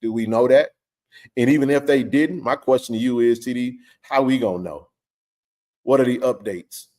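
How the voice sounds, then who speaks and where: A man's voice: mid-range voice, normal speed, darkish tone. Fired-up middle-aged man ranting. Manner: passionate, emphatic ranting with blunt slang. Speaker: host of a sports stream. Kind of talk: live-stream sports talk.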